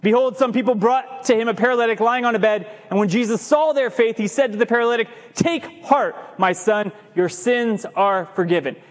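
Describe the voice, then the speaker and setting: A man preaching a sermon as pastor, animated, drawing out key words and sometimes stumbling over himself. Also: extremely high pitch, moderate pace, hardly any pauses. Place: church sanctuary. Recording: long hall reverb.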